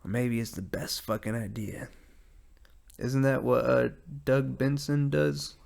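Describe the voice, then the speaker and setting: A young adult man delivers a rambling, laid-back, profane solo podcast monologue from his garage at home. He has a mid-range voice that's creaky with a darkish tone.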